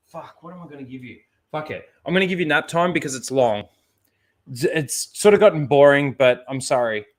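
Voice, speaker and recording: A man hosting a livestream in casual chat, swearing freely and rambling as he stalls for time. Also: mid-range voice. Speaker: livestream host.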